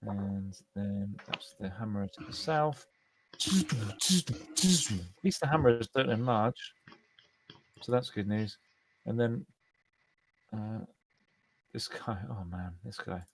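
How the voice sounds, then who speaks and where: A man in his twenties or thirties, running a tabletop game online as dungeon master, talking in a relaxed, chatty way with many fillers. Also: on the low side, takes it slowly, pauses often, a little hiss or hum.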